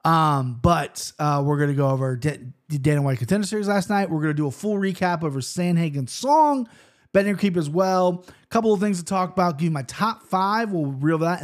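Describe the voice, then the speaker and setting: A man in his thirties hosting a casual fight-sports betting show, rambling quickly with restarts and the odd curse. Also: on the high side. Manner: rambling, fast-talking with frequent restarts and swearing. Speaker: show host. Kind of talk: casual MMA betting commentary.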